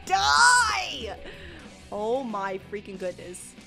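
A woman's voice: on the high side, animated, moderate pace, fairly bright tone. A young woman streaming a game live, panicking, exclaiming and pleading with the game as she plays. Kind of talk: live gameplay commentary. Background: game music.

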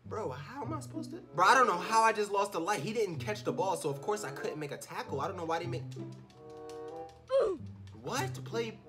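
A man commentating his own video game play in his room, slangy and excitable, swinging from low muttering to loud shouts. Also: moderate pace. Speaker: gaming YouTuber. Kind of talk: live gameplay commentary. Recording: music playing behind.

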